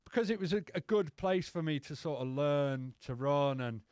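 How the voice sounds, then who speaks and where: A man's voice: a little high, moderate pace, clean tone, no echo, clean studio sound. A young man from England, telling his story in casual podcast chat, swearing freely and acting out what people said. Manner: animated storyteller, swears freely, acts out quotes.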